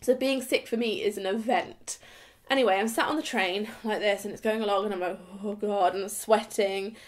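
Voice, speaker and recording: A young English woman vlogging, chatting to a camera a few steps away, animated and acting out the voices in her story. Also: medium pitch, a little fast.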